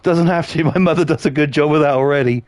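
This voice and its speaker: A man's voice: fairly high pitch, a little mellow, dry recording. Blunt, sweary British man streaming. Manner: blunt, swears freely, laughs often. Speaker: live game streamer. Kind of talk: casual live-stream chat.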